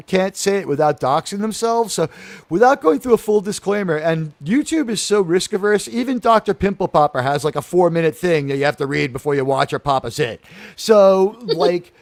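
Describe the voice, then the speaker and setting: High-voiced animated male talk host. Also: normal speed, no room sound. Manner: animated, rambling with many restarts. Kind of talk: casual comedic chat.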